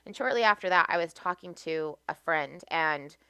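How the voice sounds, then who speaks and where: A woman with an American accent tells stories in an animated, easy way. Her voice is low for a woman, but bright and crisp, and the recording is dry and close. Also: normal speed, no room sound. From United States. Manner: animated, laughs often while telling stories. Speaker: podcast guest. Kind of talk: casual storytelling.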